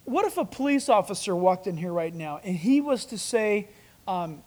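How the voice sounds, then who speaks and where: A man, a pastor, preaching a sermon, swinging between loud emphatic peaks and quiet asides to the congregation. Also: sits high, big pitch swings, normal speed.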